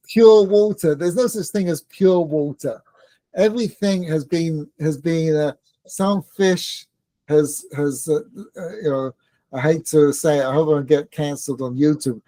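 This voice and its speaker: Brief: male rabbi, warm-dark tone, dry close recording, chatty teacher who quizzes his class. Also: a little high, no echo. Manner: joking, conversational, asks the room questions. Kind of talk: informal Torah lesson with banter.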